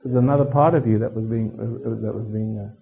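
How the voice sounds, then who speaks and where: A man's voice: on the low side, steady tone, fast talker. A man from England giving a live seminar lecture in a hotel function room, rambling and teasing with many restarts and chuckles, on a dull lo-fi tape recording. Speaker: seminar speaker.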